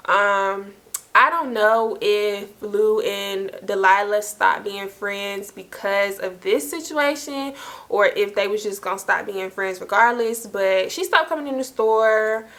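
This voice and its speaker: A young woman chats straight to her viewers in a relaxed, slangy way. She tells the story in an animated voice and laughs often. Her pitch sits in the middle range. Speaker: vlogger telling a story. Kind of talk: casual storytime chat.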